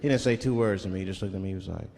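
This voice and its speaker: A male stand-up comedian telling stories, swearing freely and dropping into low murmured asides. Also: rapid-fire, creaky, darkish tone, big-room sound. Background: crowd laughter.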